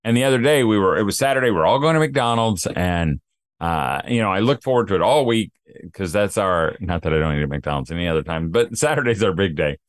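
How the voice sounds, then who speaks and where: Low-voiced man telling rambling stories. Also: animated, brisk, no room sound, studio quality. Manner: rambling storyteller, acts out quotes. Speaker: podcast co-host. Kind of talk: casual chat.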